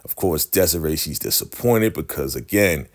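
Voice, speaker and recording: A man's voice: a bass voice, expressive, moderate pace. A man casually recapping a TV episode, animatedly acting out the characters' lines. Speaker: TV recap vlogger.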